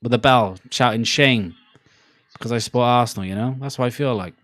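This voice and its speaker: Young Cardiff man, casual livestream host, rambly and sweary, mid pitch. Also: fast talker, fairly bright tone. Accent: Cardiff Welsh. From Wales. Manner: chatty, rambling, swears freely.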